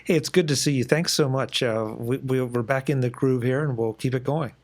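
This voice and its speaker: A man from the East Coast of the United States hosts a relaxed podcast interview over a video call. His voice sits in an ordinary middle pitch, and he talks in a chatty, storytelling way. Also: brisk. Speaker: podcast host. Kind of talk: casual interview chat.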